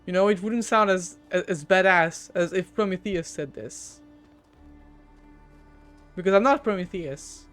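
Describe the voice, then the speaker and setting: A woman's voice: fairly low pitch, unhurried, long pauses, soft background music. A woman streamer with a French accent, chatting casually while gaming, teasing herself, stammering and giggling.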